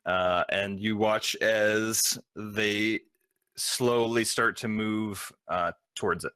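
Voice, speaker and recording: Slow, halting game master, man. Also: on the low side, steady tone, bright, forceful tone, clean tone, dry recording. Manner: halting, filled with ums and uhs. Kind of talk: narrating a tabletop game.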